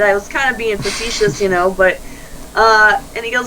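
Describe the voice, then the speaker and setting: A woman talks through an interview in a bright, forward voice. She tells her stories animatedly, slipping into quoted dialogue and laughing easily. There is a faint hiss of noise in the background. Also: medium pitch, fast, low-quality recording. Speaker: life coach, interview guest. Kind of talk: conversational interview.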